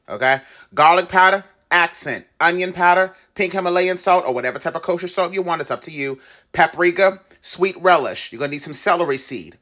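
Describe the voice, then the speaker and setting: A young man walks viewers through his recipe in a casual, emphatic style. His voice sits a little high and rings bright and forceful as he hammers home his points. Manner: lively, emphatic, talks straight to viewers. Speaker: cooking channel host. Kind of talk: casual cooking tutorial.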